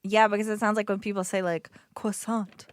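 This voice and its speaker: A woman's voice: mid-range voice, little pitch movement, quick pace, clean tone, no room sound, studio quality. A woman co-hosting a podcast in casual chat, laughing often and answering briefly. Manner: laughs often, short replies.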